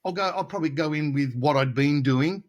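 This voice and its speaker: Animated storytelling male guitarist. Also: a little high, fairly quick. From Australia. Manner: animated anecdotes, acting out quoted voices. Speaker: guest guitarist. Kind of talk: casual storytelling interview.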